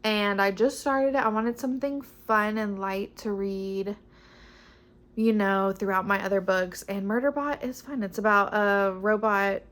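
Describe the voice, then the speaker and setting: A woman's voice: medium pitch, fairly even intonation, unhurried, fairly bright tone. A young woman chatting casually about her books, upbeat and rambling, often restarting her sentences. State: pregnant. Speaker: book vlogger. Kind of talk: casual chat.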